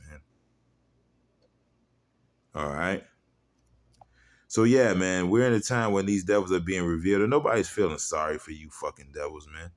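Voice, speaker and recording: A low-voiced man preaching in a fiery, mocking rant. He swings between loud, pushed outbursts and muttered asides, and he reads scripture in old-style wording. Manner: fiery, mocking, profane, drops into quiet asides. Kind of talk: heated religious video rant.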